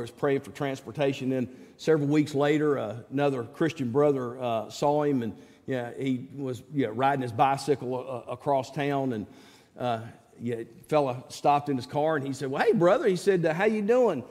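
A man preaching a sermon in a folksy manner, dropping his voice low and soft on key words and rising high when he quotes others. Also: fairly even intonation, normal speed, long reverb tail. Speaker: pastor.

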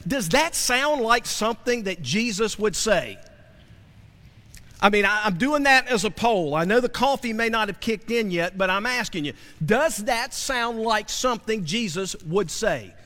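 A man's voice: high voice, expressive, unhurried, bright, forceful tone, in a large hall. A man preaching as a pastor, praying and then teaching with repeated phrases and rhetorical questions to the congregation. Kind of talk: sermon with opening prayer. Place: church sanctuary.

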